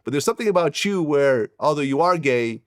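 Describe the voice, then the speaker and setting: A man's voice: a little high, lively intonation, fairly quick. Male interviewer choosing his words carefully. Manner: hedging, apologetic, searching for words. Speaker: interview host. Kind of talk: interview conversation.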